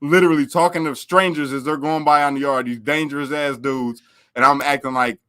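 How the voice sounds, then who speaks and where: A man who is a podcast guest, telling prison stories in a casual, animated, slangy way with frequent laughter. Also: on the high side, fairly quick, clear, resonant tone. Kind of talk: casual storytelling.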